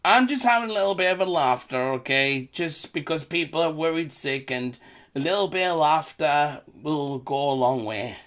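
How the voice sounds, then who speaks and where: A man's voice: on the high side, animated, moderate pace, fairly bright tone. A British man talking in a casual, rambling commentary vlog. He repeats himself and chuckles between remarks. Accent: British English. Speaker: vlogger.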